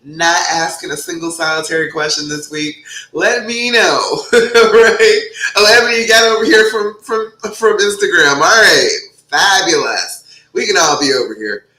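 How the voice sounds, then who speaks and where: A woman's voice: deep voice, normal speed, pushed and bright. A woman coaching on relationships, hosting a casual livestream, chatty and greeting viewers by name, her voice still recovering from a cold. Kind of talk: casual live-stream chat. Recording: roomy echo.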